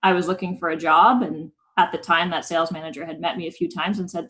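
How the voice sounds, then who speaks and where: A woman in her thirties, a senior district manager, telling a story in a friendly, steady, casual way. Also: on the low side, brisk, low-quality recording. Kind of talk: casual interview chat.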